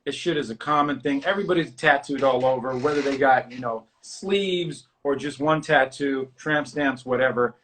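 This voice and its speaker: A man hosting a casual interview, animated and loose, riffing on his theories with plenty of swearing. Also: mid-range voice, normal speed, few pauses, slight background noise. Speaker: host.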